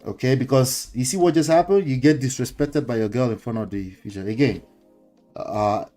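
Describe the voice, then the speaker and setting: A man's voice: medium pitch, moderate pace, warm tone, soft background music. A man with a Nigerian accent hosting a casual commentary show, lecturing his viewers, repeating his points and dropping in pidgin words. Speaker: host.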